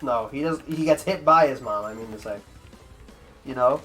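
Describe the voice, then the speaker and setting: Male streamer, mid-pitched, casual offhand chatter to chat, heavy profanity, faint game music under. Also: normal speed, pushed and bright. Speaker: streamer, speedrunner. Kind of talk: casual chat with stream viewers while gaming.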